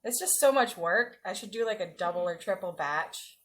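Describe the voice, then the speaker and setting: A woman's voice: medium pitch, lively intonation, normal speed. A woman chatting casually with her viewers while she cooks on a livestream, giggling now and then. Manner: chatty, giggly, talks to chat while cooking. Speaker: livestreamer cooking. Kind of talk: casual cooking livestream chat.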